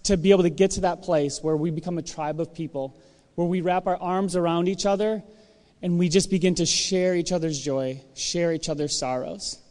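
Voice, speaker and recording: A young man preaches in a loose, conversational way, slipping into little acted voices for the people he quotes. His voice sits high and smooth. The sound rings with the long reverb of a big hall. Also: moderate pace. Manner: animated, acts out quoted voices. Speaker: church speaker. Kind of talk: casual conversational sermon. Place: church hall with audience.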